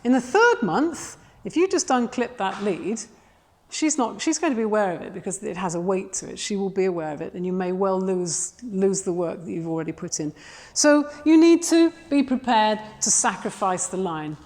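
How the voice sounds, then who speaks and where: A woman's voice: medium pitch, animated, moderate pace, big-room sound. A woman dog trainer giving practical, matter-of-fact instruction, filmed outdoors. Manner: practical and matter-of-fact, turns bright and gushing when praising the dog. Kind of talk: instructional video.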